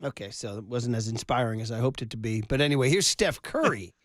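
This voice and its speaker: A man's voice: medium pitch, animated, quick pace, a crowd in the background. A man hosting a sports talk radio show, chatting casually and telling stories with a laugh. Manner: chatty, storytelling, laughs often. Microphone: studio mic.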